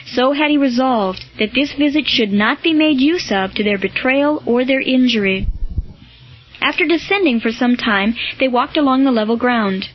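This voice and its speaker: A woman reading a historical novel aloud in a measured, steady narration. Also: fairly high pitch, dull audio. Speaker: audiobook narrator. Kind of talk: scripted narration.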